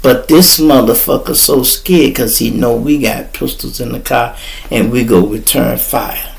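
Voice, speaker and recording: A man with a Chicago accent hosting a podcast, telling stories in an animated, profane way and acting out what others said. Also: medium pitch, a little slow, creaky. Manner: animated, profane, acts out quoted voices. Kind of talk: storytelling.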